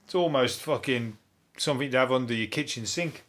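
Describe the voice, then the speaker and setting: A man from Birmingham with a Brummie accent, hosting a solo comedy podcast, riffing on the news in a deadpan, sweary, rambling way. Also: medium pitch, fairly quick. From Birmingham, England.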